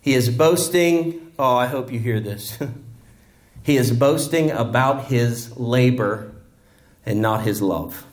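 Slow-preaching man in a church. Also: mid-range voice. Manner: preaching, dramatic voicing of the parable's characters. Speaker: pastor. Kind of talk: sermon.

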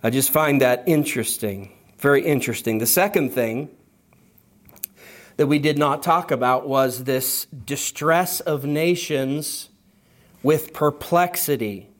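Slow, emphatic male preacher. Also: on the high side. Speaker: pastor. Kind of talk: sermon.

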